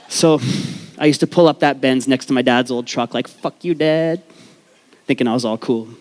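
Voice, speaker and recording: A young Canadian man with a mid-range, slightly mellow voice tells a funny personal story on stage at a storytelling event. Performing for a live audience, he jokes at his own expense and swears freely.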